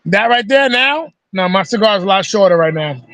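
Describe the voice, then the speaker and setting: High-pitched dude on a video call, cussing a lot while telling a story, dry close sound. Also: male voice, brisk, no room sound. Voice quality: profane, animated storyteller. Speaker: host. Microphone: video call mic.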